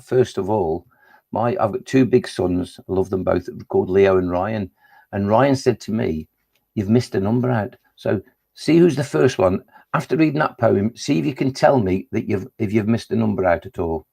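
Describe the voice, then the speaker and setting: A middle-aged man hosting a live poetry session for children. His voice is gravelly, and he talks in a chatty, jokey, self-deprecating way between the poems. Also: lowish voice, moderate pace, mellow. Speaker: children's poet. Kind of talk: live poetry reading with chat.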